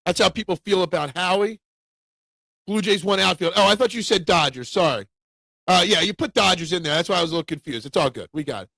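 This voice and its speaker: A man hosting a casual sports talk show, opinionated and animated, raising his voice when he rants. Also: high voice, quick pace, vocal fry, dry recording. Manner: opinionated, animated, gets loud when ranting.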